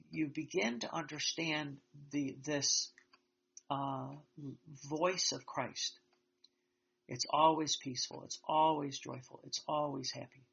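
A man giving an earnest, reflective spiritual talk, slow and halting with many restarts. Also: a little high, creaky, a bit bright, slightly rough. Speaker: religious teacher. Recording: dull lo-fi sound.

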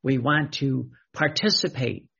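A man's voice: medium pitch, a little slow, creaky, a bit bright, breathy edge. A man preaching a sermon, repeating questions and restarting phrases as he teaches. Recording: dull lo-fi recording.

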